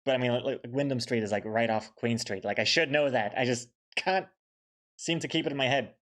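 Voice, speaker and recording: Brief: man, mid pitch, comic artist on a live stream, loose rambling chat, pokes fun at himself. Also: fairly bright tone. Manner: chatty, self-deprecating, talks to viewers in the chat; quick rambling bursts with many fillers. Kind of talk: casual live-stream chat while drawing.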